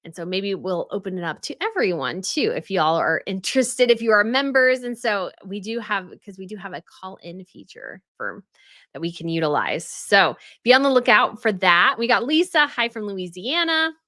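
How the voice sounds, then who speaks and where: A woman's voice: medium pitch, big pitch swings, moderate pace, sharp tone, no echo, clean studio sound. A woman hosting a casual livestream, chatting with viewers and reading their comments aloud, often laughing as she goes. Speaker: royal news livestream host.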